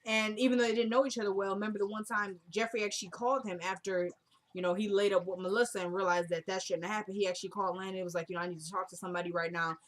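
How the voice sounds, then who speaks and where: A woman casually recapping a TV drama episode, retelling scenes by quoting the characters in a soft murmur. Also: medium pitch, steady tone, racing. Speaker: TV recap vlogger.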